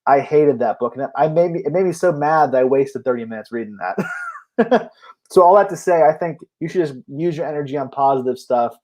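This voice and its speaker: A chatty man with a voice pitched a little above the usual, co-hosting a relaxed comic book talk show. He laughs easily and often restarts a sentence before finishing his thought. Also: a little fast. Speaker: podcast co-host. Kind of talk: casual comic book chat.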